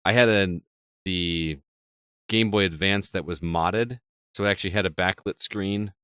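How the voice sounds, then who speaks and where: A man with a very deep voice hosts a casual chat, relaxed and reminiscing. The sound is dry and close. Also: unhurried, clear, resonant tone, no echo. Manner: relaxed, nostalgic, steers the talk. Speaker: podcast host.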